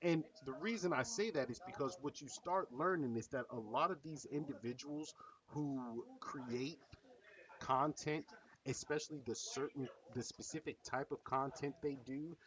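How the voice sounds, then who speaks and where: A man's voice: mid-range voice, distant mic, highs cut off. A man streaming a reaction video, bluntly lecturing and swearing as he picks apart what he watches. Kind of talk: profane reaction commentary.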